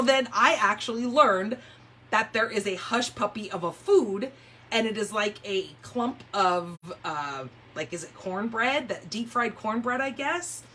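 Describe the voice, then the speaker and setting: On the higher side and bright, her voice carries a forceful tone. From a room at home, this California crafter livestreams paper projects, chatting away, rambling through stories, and breaking into easy laughter.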